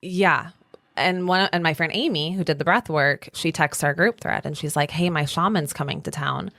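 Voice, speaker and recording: A woman in her thirties talks as a podcast guest, chatty and animated, with plenty of casual fillers. Her voice sits lower than most women's. The sound is dry and close, with no room around it. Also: normal speed, dry recording. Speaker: podcast guest, salon owner. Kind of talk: casual storytelling chat.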